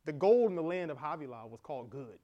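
A middle-aged pastor delivers a sermon in a slightly high voice. He preaches with animated energy, laughing along and acting out quoted exchanges. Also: quick pace.

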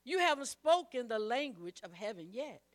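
A woman's voice: fairly high pitch, sing-song, moderate pace. A woman preacher delivering a sermon, emphatic and repetitive, calling on the congregation to repeat after her. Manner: emphatic, repeats phrases, calls on the congregation to respond.

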